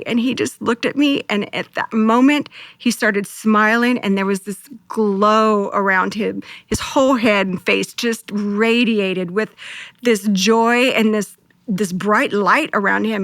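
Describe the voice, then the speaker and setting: A woman co-pastor speaks with a gravelly, textured edge to her voice, recounting her testimony earnestly. Her voice sits at a middle pitch, and the recording is close and dry with no room sound. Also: fairly even intonation, a little slow, a bit bright, no echo. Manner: earnest, heartfelt storytelling with quoted prayers. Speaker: co-pastor and guest. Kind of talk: emotional personal testimony.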